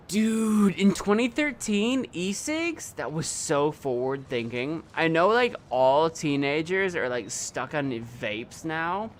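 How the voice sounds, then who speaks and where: A young man streams a video game live, rambling casually and talking back to both the screen and his chat. His voice is mid-range, with a little hiss or hum on the recording.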